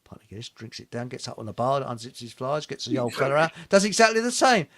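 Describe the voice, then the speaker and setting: A man's voice: mid-range voice, very animated, quick pace, a bit bright. A man hosting a radio talk show, chatting casually and telling rambling pub jokes with chuckles and stumbles. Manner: chuckling, rambling joke-teller who stumbles over lines.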